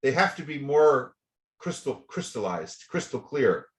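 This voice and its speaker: A man coaching a singer through feedback, chatty and full of restarts and repeated words. He keeps breaking into short demonstrations, swinging from soft to loud. His voice sits in a roomy, echoey space. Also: mid-range voice, sing-song, measured pace, slight background noise. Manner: chatty, repeats words, demonstrates by singing and speaking softly and loudly. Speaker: voice teacher. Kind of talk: voice lesson feedback. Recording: roomy echo.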